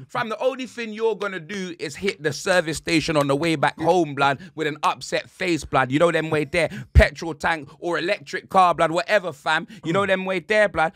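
A man trading football banter on a podcast, trash-talking in street slang with bursts of shouting. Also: sits high, a little fast, few pauses, dry recording, clean studio sound. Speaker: podcast co-host, football fan.

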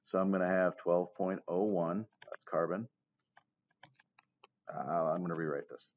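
Low-voiced male teacher, casual and joking, heard on a dull lo-fi recording. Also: fairly even intonation, unhurried, a little hiss or hum. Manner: casual, jokey asides, keeps checking with "okay?". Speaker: chemistry teacher. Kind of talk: recorded classroom lecture.

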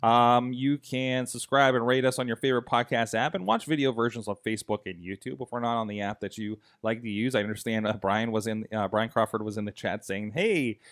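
A middle-aged man hosting a casual tech podcast, joking loosely and filling pauses with lots of uh. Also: medium pitch, steady tone, a bit bright, no room sound, clean studio sound. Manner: loose and joking, many uh fillers. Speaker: podcast host. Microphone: studio mic.

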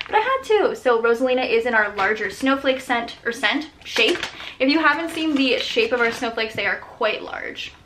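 Bright, gushing young woman vlogger. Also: on the high side, expressive, a little fast, slight background noise. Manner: gushing, enthusiastic, drifts into soft breathy murmurs. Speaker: small business owner showing products. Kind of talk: casual product showcase vlog.

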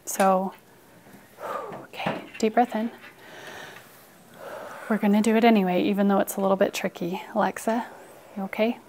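A woman teaching a phonics lesson to a class, playfully dramatic and coaxing, with sighs and hushed asides. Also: medium pitch, fairly even intonation, moderate pace, pauses often, a little hiss or hum.

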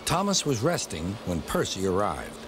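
A man narrating a children's storybook in a playful, expressive way. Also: on the low side, moderate pace, very noisy. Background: music.

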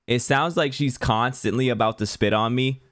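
A man streaming a game and commenting in a joking, excitable, slangy way. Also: mid-range voice, moderate pace. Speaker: gaming streamer. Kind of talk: let's play commentary.

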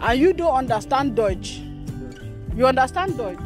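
A woman's voice: high voice, big pitch swings, moderate pace. A woman vlogging on a handheld phone at an outdoor market, talking chattily to viewers and laughing often. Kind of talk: casual walking vlog. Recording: music playing under the voice. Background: background music.

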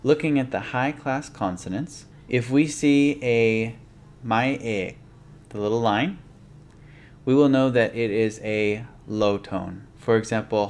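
A man's voice: on the low side, a little mellow. A man teaching a language lesson, explaining rules patiently and methodically and stepping through examples one by one.

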